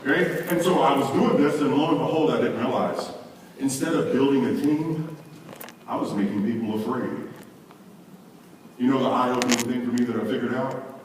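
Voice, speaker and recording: Male seminar speaker, animated and preachy, distant in a very echoey hall. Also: mid-range voice, moderate pace, long pauses, slight background noise. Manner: animated, preachy, addresses the audience directly. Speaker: leadership conference speaker. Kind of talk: motivational seminar talk. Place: large hall with audience. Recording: echoey hall recording from far off.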